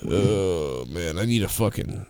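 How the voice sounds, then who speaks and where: A young adult man co-hosting a live show banters crudely, tired and drunk, rambling, swearing, and laughing a lot. His low, smooth voice has a dark tone, lively intonation, and an unhurried pace.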